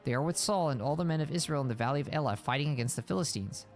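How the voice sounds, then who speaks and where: A man's voice: fairly high pitch, expressive, rapid-fire, faint music behind. A man reading a Bible passage aloud on a stream and stopping to explain it in casual words.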